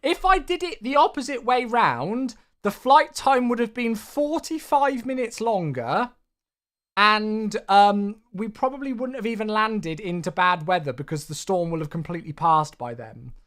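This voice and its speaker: A man chatting casually on a flight-sim live stream, excitable and effusive toward his viewers, sounding tired. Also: high-pitched, a little slow.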